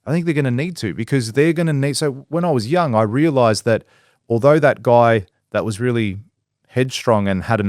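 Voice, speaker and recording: A man's voice: fairly low pitch, dry recording, studio quality. Blunt, swearing man. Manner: blunt, swears freely, acts out quotes. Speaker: podcast guest, business owner. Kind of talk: casual podcast conversation.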